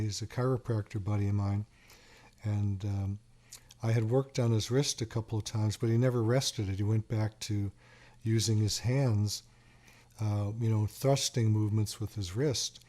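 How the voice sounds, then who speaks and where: A man's voice: medium pitch, mellow. A middle-aged man hosting a call-in radio talk show as a doctor, chatting and telling stories in a casual way. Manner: chatty, storytelling, repeats phone number slowly.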